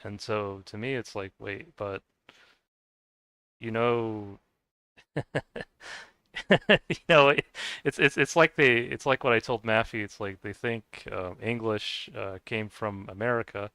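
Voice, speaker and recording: Chatting while he plays, an American gaming streamer wanders through his thoughts with lots of fillers, false starts and laughter. His lowish voice is sharp and clean at a moderate pace, captured in a dry recording.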